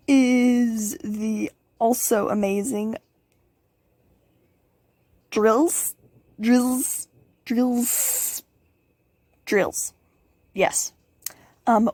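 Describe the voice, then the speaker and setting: A woman's voice: a little high, darkish tone, no echo. A teenage girl hosting a casual question-and-answer vlog, bubbly and giggly, rambling with playful asides. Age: teens. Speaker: channel host.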